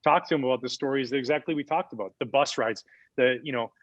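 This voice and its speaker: A former ball player in his forties, guesting on a podcast, tells a story in a lively, casual way full of fillers. His mid-range voice moves at a quick pace, with lo-fi sound and no room sound.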